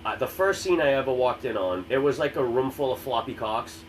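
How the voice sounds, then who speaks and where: A man co-hosting a podcast in casual chat, joking and swearing through rapid-fire banter. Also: mid-range voice, lively intonation, distant mic, slight background noise, poor audio. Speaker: podcast co-host.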